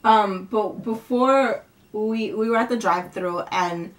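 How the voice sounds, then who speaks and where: A woman's voice: medium pitch, unhurried, slight background noise. A young woman vlogging at home, venting in a rambling, frustrated way and swearing casually.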